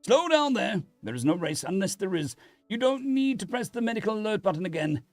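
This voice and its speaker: A man voicing a human crewman who calmly reassures others, in a raised voice. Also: high voice, fairly quick, no echo, faint music behind, voice pushed up. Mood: reassuring.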